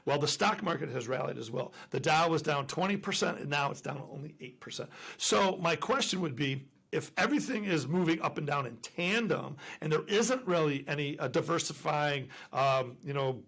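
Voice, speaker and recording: A man's voice: on the high side, expressive, normal speed, vocal fry, a bit bright, breathy edge. A man hosting a podcast interview, chatty and challenging, with lots of fillers. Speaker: podcast host. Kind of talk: casual interview.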